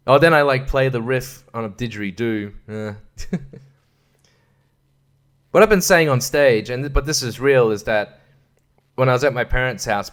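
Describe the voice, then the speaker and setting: A man's voice: medium pitch, a bit bright. Sarcastic Australian man chuckling through jokes. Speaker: podcast host. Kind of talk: comedic monologue.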